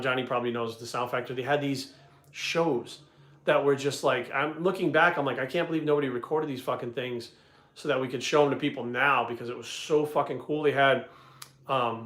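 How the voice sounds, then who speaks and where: Blunt, profane man, coach type; rapid delivery, roomy echo. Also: mid-range voice, a bit bright. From Providence, Rhode Island. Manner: blunt, heavy swearing, rambling asides. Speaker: bodybuilding coach answering questions. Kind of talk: casual storytelling and Q&A. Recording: echoey room.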